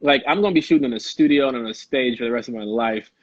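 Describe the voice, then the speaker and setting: A young man from Chicago, a guest actor telling stories in a casual, animated way and laughing often. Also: medium pitch, fast talker, dry recording, muffled recording. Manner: animated, laughing storyteller who slips into quoted voices. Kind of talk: casual storytelling.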